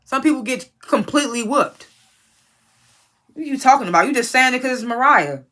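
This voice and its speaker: Her voice sits high, fairly quick and expressive, pushed and bright, as she reviews a reality show. The recap is casual and profane, and she bluntly speaks to the cast members themselves while passing judgment.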